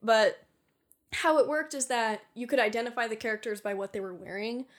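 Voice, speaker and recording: A woman's voice: fairly high pitch, a little fast. A woman co-hosting a podcast in casual chat, giggling often, swearing freely and saying "like" a lot. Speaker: podcast co-host.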